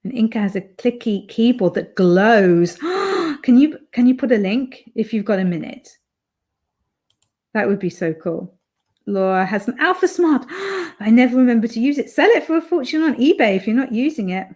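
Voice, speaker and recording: A UK woman's fairly high, slightly mellow voice carries lively intonation at a normal speed. She's hosting a live stream at home, chatting loosely and reading her viewers' comments aloud with frequent fillers.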